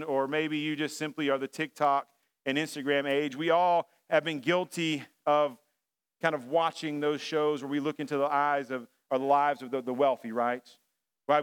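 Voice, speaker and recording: Male pastor, high, smooth voice, conversational preaching with fillers and restarts. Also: a bit bright. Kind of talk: sermon. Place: church sanctuary.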